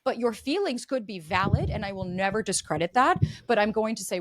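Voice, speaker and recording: A woman's voice: medium pitch, a little fast, hardly any pauses, a little hiss or hum. Earnest woman coach explaining relationships. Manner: earnest, animated, acts out example dialogue. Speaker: podcast guest, relationship coach. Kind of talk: explanatory interview talk.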